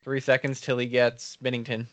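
A man co-hosting a casual fantasy sports podcast, reacting quickly in an easygoing way with short laughs. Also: mid-range voice, little pitch movement, no room sound. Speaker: podcast co-host. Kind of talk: casual fantasy draft chat.

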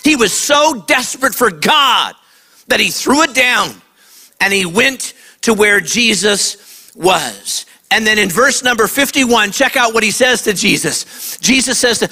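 A man preaching a lively sermon to kids, acting out voices and shouting at the high points. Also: unhurried. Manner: animated, acts out voices. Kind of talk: sermon to a young audience.

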